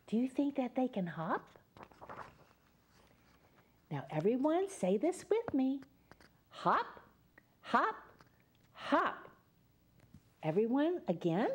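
A woman's voice: high voice, sing-song, measured pace, long pauses, mellow, husky, lo-fi sound. A woman hosting a children's story time, reading a picture book aloud and coaxing the children to repeat animal sounds with her. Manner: sing-song, coaxing children to join in; animal sounds and call-and-response.

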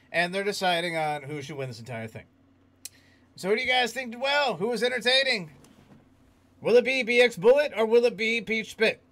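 A man's voice: high-pitched, sharp tone. A man hosting a livestream, chatting casually, reading the chat aloud and laughing often. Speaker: host.

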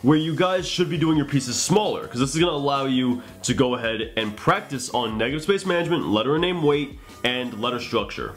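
A man giving casual art critiques and tutorial tips, chatty and joking, with profane asides. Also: medium pitch.

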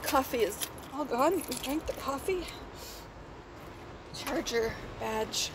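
A woman talking to her camera in an unscripted video diary, emotional and tearful, repeating herself as she calms down. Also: sits high, slow, very noisy. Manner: emotional, repeats herself, cries and self-soothes. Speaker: vlogger.

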